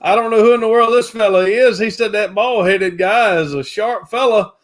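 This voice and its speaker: A chatty man, his voice sitting high for a man. He hosts a casual live chat, greeting viewers one by one in a warm, folksy drawl. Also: normal speed. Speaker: livestream co-host.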